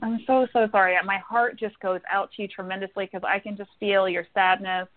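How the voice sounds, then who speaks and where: A woman's voice: medium pitch, steady tone, a little fast. Emphatic woman psychic over a phone line. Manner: emphatic, repeats words for stress. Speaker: psychic medium guest. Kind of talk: radio call-in readings.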